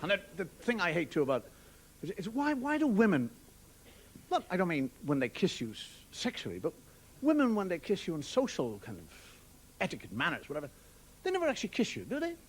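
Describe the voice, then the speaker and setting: On a TV studio stage with a live crowd laughing along, an Irish comic delivers wry, casually profane stand-up. He talks fairly quickly in a high-sitting voice with huge swings in pitch, captured in broadcast audio full of audience noise.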